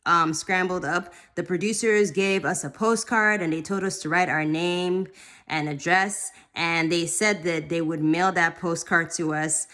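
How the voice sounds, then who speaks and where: A bubbly woman talks casually to her viewers, rambling with plenty of fillers and breaking into squealing cheers of excitement. Her voice is bright and forceful. It sits slightly low in pitch when she settles down. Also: a little slow. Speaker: vlogger. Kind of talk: casual talk to camera.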